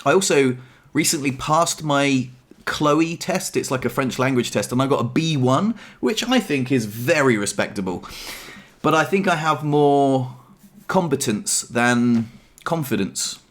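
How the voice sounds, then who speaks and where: A man's voice: medium pitch, animated, moderate pace. Chatty man giving a life update. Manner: chatty, upbeat, self-deprecating. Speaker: vlogger. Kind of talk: casual life-update vlog. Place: apartment.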